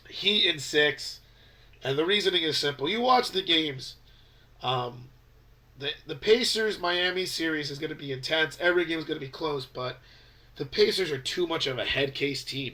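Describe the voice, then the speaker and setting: In a casual sports vlog, a young basketball fan with a congested, cold-stuffed voice rambles through his strong opinions and basketball predictions. His voice runs on the high side, pushed and bright.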